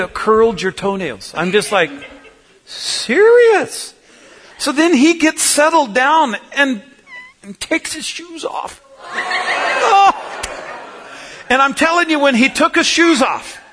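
A man preaching a humorous sermon, telling a folksy, animated story that swings between loud and soft. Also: very high-pitched, slight background noise.

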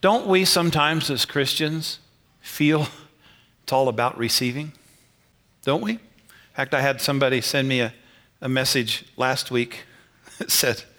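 A man preaching a sermon as pastor in a church, animated, swinging between loud and quiet, with frequent chuckles. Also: medium pitch.

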